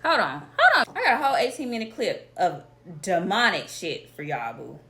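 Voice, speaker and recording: A woman's voice: mid-range voice, huge pitch swings, moderate pace, bright, forceful tone. Blunt, cussing woman vlogger. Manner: blunt, profane, talks straight to viewers. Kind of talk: casual storytime vlog.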